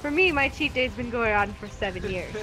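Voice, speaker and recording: A woman's voice: fairly high pitch, animated, fairly quick. A woman co-hosting a game stream, chatting casually and playfully with frequent laughter. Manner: giggly, playful, laughs often. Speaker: stream co-host. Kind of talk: casual gaming chat.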